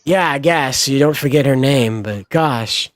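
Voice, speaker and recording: A man's voice: mid-range voice, a little slow, no echo, clean studio sound. A man hosting a livestream, ranting in a sarcastic, sweary, exasperated way. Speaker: livestream host. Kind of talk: casual ranting stream commentary.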